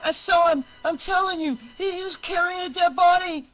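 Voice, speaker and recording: Shrill, scared little boy in a storybook reading; very high, pleading. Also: fairly even intonation, measured pace, pushed and bright, faint music behind, exaggerated voice, rough recording. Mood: panicked. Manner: panicked, pleading. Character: frightened young boy, shrill and insistent.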